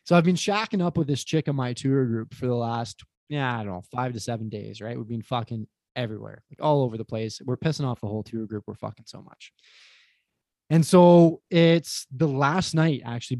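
A man's voice: mid-range voice, fairly quick, no room sound. A young man chats on a podcast with a mid-range voice, recorded dry and close. He tells a crude story in a casual way, with plenty of swearing. He acts out what each person said. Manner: animated, profane, acts out quotes. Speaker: podcast guest.

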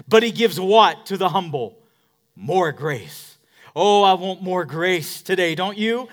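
A male pastor delivering a sermon, swinging from shouting to a hush and calling for responses from the congregation. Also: high voice, lively intonation, takes it slowly.

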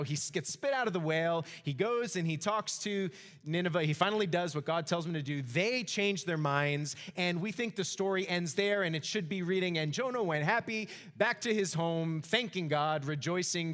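A man preaching a sermon as pastor, animated, acting out the voices of the story. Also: high-pitched. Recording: reverberant hall.

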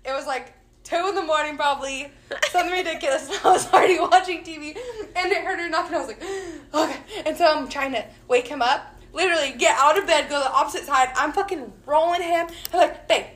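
A woman's voice: sits high, quick pace, a bit bright. A woman co-hosting a podcast, telling a story in a casual, profane, laughing way. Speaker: podcast co-host.

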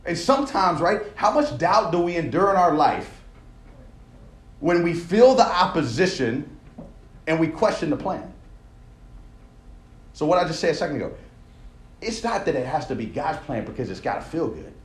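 A man's voice: fairly high pitch, big pitch swings, moderate pace, long pauses. A man preaching a sermon in a church auditorium, talking conversationally and checking in with the crowd with "right?" as he builds his points with repeated phrases. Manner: conversational, tags lines with "right?". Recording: echoey room sound.

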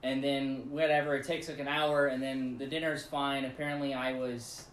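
A man's voice: mid-range voice, normal speed, slight background noise. Man animatedly retelling a story. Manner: rambling, animated retelling with laughs. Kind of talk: casual storytelling chat. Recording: echoey room.

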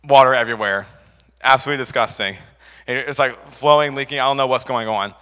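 A man's voice: mid-range voice, fast talker, bright, forceful tone, long reverb tail. A young man preaching a casual sermon, rambling through a personal story with fillers and restarts. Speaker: youth preacher.

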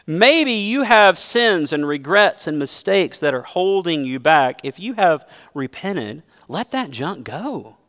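A man's voice: on the high side, expressive, slow, few pauses, a bit bright, long reverb tail. A man preaching a sermon as a pastor, earnest and emphatic, mixing scripture with a personal story.

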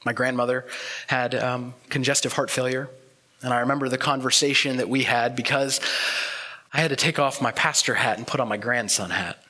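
A pastor preaches a sermon in an earnest, reflective way, with a medium-pitched, steady voice. He pauses often and lets his words trail off softly.

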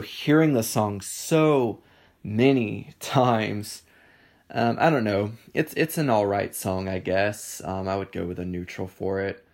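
A man's voice: fairly low pitch, darkish tone. A man giving casual solo commentary on songs, hesitant and offhand, with many ums and restarts and a dry sense of humor. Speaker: music reviewer.

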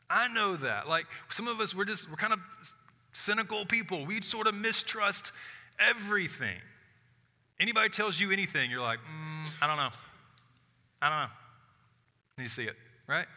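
A man preaching a sermon as pastor, shifting from loud emphatic lines to hushed soft ones, with casual asides. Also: a little high. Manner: conversational asides with "like". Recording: long hall reverb of a church.

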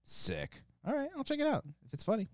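A man's voice: extremely high pitch, fairly quick, no echo, clean studio sound. A man co-hosting a podcast in casual chat, joking around and reading donor messages aloud. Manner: joking, animated, reads donor names aloud.

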